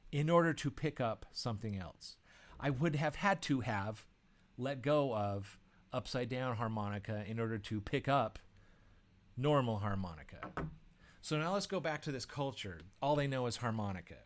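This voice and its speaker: A man of ordinary middle pitch talks through a lesson like he is chatting with the listener. He leans on everyday anecdotes, trips over restarts and fillers, and now and then rises into lively acted-out quotes. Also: moderate pace. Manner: animated storytelling, acts out quoted outbursts; conversational, with frequent fillers and restarts. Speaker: author and educator. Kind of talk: explanatory talk with personal stories.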